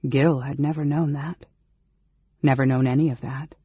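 A man narrating a fantasy audiobook with a steady, measured reading. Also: medium pitch, breathy edge, dry recording. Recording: dull, dry lo-fi recording.

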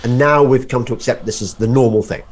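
A man hosting a casual interview, talking in a rambling, halting way that keeps stopping and restarting. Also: medium pitch.

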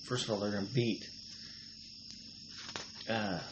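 A man's voice: fairly low pitch, fairly even intonation, a little slow. A man co-hosting a casual sports rankings chat, plain-spoken, answering in short agreements and firm opinions. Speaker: co-host, the father. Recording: clear background noise.

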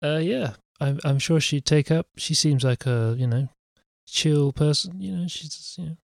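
A man's voice: a little high, moderate pace, gravelly, no echo, clean studio sound. A man from England, a podcast guest, chatting casually and hesitantly with many fillers. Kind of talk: casual chat.

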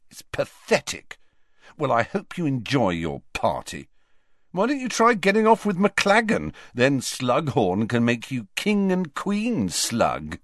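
A man's voice: mid-range voice, expressive, moderate pace, few pauses, fairly bright tone, dry recording. A sulky teenage boy who sneers and mocks, with his voice leaping about as he turns sarcastic, as a man reads him. The tone is close and dry, with no room sound. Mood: sneering. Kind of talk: audiobook character voice.

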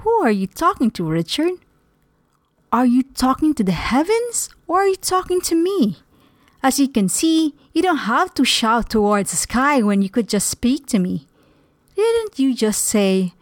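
A woman reading the part of a gentle male god figure, speaking softly and calmly. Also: fairly high pitch, unhurried, no room sound. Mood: patient. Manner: soft, calm, gently teasing.

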